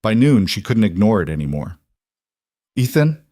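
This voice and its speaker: Low-voiced male audiobook narrator. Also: dry recording, studio quality. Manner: even, measured storytelling.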